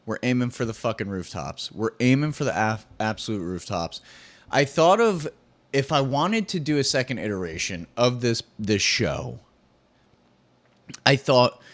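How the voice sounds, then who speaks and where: A man's voice: fairly low pitch, big pitch swings, normal speed. A man hosting his own podcast, talking solo in a candid, rambling, profane and self-deprecating way. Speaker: podcast host.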